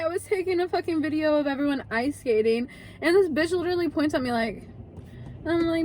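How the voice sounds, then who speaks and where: High-voiced young woman telling a storytime. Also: normal speed, slight background noise. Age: young adult. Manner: chatty, profane, animated, heavy use of like. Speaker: vlogger. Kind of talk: casual storytime vlog.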